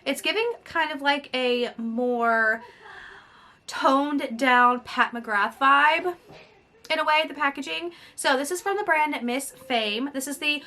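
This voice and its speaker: A woman's voice: sits high, normal speed, hardly any pauses, sharp tone. A thirty-year-old woman vlogging casually about beauty products, reading product blurbs aloud and adding chatty asides.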